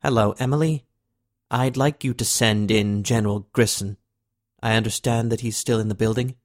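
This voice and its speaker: Man voicing an excitable, impatient president. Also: fairly low pitch, normal speed, close to an everyday voice. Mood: formal. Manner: eager, pressing questions.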